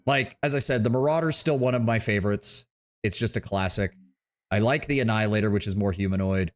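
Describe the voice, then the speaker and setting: Talking a little fast in a lowish voice, this gaming livestreamer keeps things casual. He gushes about mechs and lets some swearing slip in.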